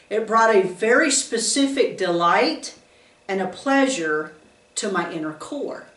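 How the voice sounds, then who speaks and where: A woman giving a conversational devotional talk, earnest and homey, with lively asides to her listeners. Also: medium pitch. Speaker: pastor's wife giving a devotional. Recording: roomy sound from a distant mic.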